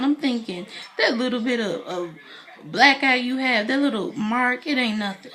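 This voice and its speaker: A woman's voice: a little high, expressive, measured pace, fairly bright tone. A woman giving a casual spoken recap of a reality TV episode, retelling scenes in a chatty way with many fillers. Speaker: TV reality show reviewer.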